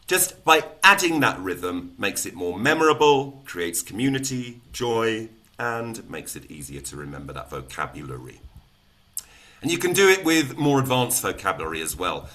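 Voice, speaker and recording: A man, a teacher trainer giving a lesson who explains calmly and then breaks into loud, rhythmic chants. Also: lowish voice, normal speed, background noise.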